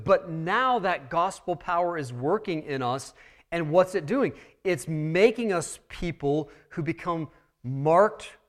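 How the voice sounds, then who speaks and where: A man with a fairly high voice preaches a sermon. He works through a text verse by verse, his delivery rising to loud emphasis and dropping back to quiet earnestness. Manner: emphatic preaching with wide swings in loudness; expository, walking listeners through a text. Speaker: pastor.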